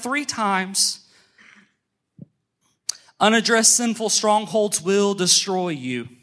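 A man preaching a sermon, emphatic, calling the congregation to look at him and say amen, slowing on key phrases and speeding through asides. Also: high-pitched, pushed and bright. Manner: emphatic, calls for amens and attention; shifts between brisk asides and slow stressed phrases. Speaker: pastor.

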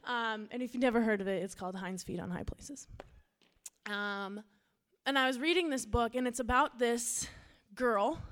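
A woman's voice: medium pitch, fairly bright tone. A woman youth pastor from Minnesota giving an earnest, casual sermon with personal storytelling.

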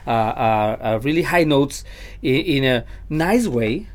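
A man's voice: medium pitch, expressive, slow pace. A man working as a vocal coach who chats casually on a podcast, often repeating words and laughing easily, with slightly phrasing.

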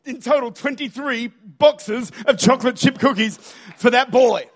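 A man preaching a sermon in a church with an Australian accent, energetic and humorous, rising to shouts at high points. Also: measured pace. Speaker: pastor. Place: church auditorium.

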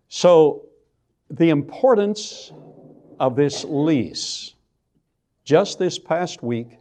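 Older Texan man, church lecturer, warm low-key timbre, folksy and emphatic. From Texas. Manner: folksy storytelling with slow emphatic stresses. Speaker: creationist lecturer.

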